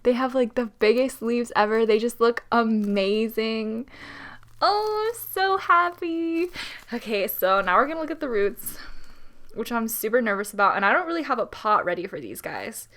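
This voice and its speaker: Excitable young woman unboxing plants. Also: on the high side, moderate pace. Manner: excitable, nervous, giggly, addresses viewers directly. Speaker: plant vlogger. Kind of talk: casual unboxing vlog.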